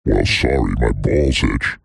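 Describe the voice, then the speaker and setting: A man voicing a ladyboy who slips out of her feminine voice into a deep, gruff male one. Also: unhurried, no echo, clean studio sound, heavily acted. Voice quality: gravelly, deep.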